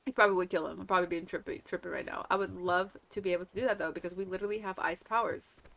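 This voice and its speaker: A young adult woman chatting playfully through casual gaming commentary, with quick asides. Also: lowish voice, fairly even intonation, gravelly, fairly bright tone. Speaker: let's play streamer.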